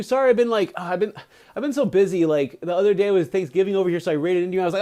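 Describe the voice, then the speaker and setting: A man's voice: sits high, rapid-fire, dark tone. A man reading a book aloud on a live stream, stopping to correct himself and to chat and laugh with viewers. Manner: reads with self-corrections, chatty and giggly with viewers.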